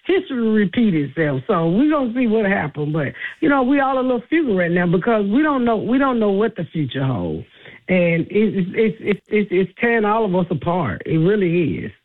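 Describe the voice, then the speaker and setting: A woman's voice: mid-range voice, sing-song, fairly quick. A woman in her fifties, a comedian guest, telling stories with frequent laughs and stumbling repeats. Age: 50s. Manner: laughs often, repeats words. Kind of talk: casual interview storytelling. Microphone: phone call. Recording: tinny phone line.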